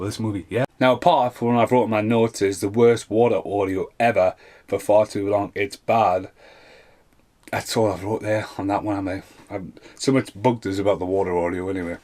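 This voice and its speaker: A man's voice: deep voice, a little mellow. A man casually reviewing bad films, sarcastic and swearing constantly. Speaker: film reviewer.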